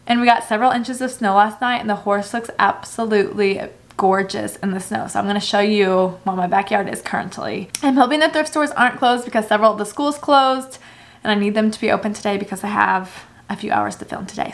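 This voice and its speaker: A young woman, congested from a cold, chatting casually and upbeat as a thrift vlogger. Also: medium pitch. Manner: chatty, upbeat, filler-heavy. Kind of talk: casual vlog chat. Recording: music playing behind the voice.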